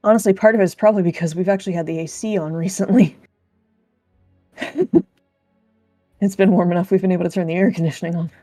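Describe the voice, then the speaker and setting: A woman in casual pre-game chat, excitable and quick to gush. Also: fairly low pitch, no echo, soft background music. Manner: gushing, excitable. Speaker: tabletop game player.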